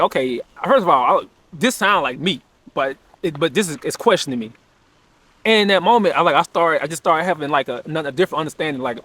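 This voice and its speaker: Young guy talking through a personal story, earnest, kinda high voice, keeps restarting. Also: a bit bright. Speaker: podcaster sharing personal story.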